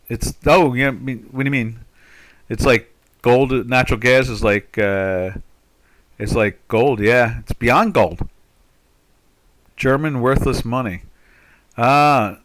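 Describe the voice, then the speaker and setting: A man's voice: mid-range voice, a bit bright. An older man from the United States hosting a live trading webinar, rambling through market commentary with lots of fillers and restarts. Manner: rambling, full of "you know" fillers and restarts.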